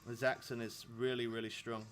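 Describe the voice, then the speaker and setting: An Englishman in his thirties rambles casually to viewers while streaming a fishing game, chatting freely and laughing often. His mid-range voice has a flat delivery and a fairly bright tone, and he talks briskly over soft background music.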